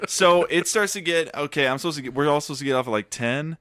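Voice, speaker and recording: A man's voice: fairly high pitch, fast talker, clean tone, no echo. A young man co-hosting a podcast, telling a long story in casual chat and acting out the people in it with a lot of swearing. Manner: animated storyteller who acts out quotes, swears a lot. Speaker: podcast co-host.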